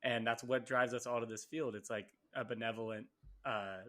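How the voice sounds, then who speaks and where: A young man co-hosts a podcast in an easygoing way. He rambles a little, leaning on fillers as he builds his point. His voice sits at an ordinary middle pitch. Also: normal speed. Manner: relaxed, rambling, many fillers. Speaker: podcast co-host. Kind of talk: casual interview conversation.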